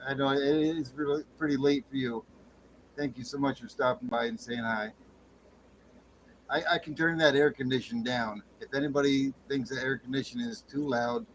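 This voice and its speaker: A man hosting a late-night livestream chat in a folksy way, greeting viewers with loud whoops. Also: medium pitch, rough recording. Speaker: livestream host. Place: home studio with air conditioner running. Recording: faint air conditioner hum.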